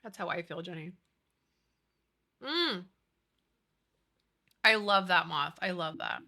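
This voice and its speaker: A woman's voice: fairly low pitch, expressive, slow, gravelly, bright, forceful tone. A woman streaming, chatting casually with her chat and ranting with lots of swearing. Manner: chatty, profane, ranting, reads chat aloud. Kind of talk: casual live-stream chat while building.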